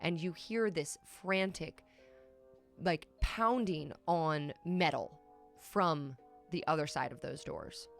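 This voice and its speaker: A woman narrating as game master of a tabletop role-playing game, with measured pacing and frequent ums. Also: sits low, gravelly, faint music behind.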